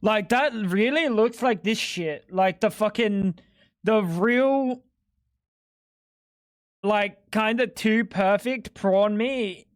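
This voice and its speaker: A man's voice: sits high, slow, dry recording, clean studio sound. A man chatting casually on a live stream, rambling and sweary, with lots of "like". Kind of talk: casual chat while gaming.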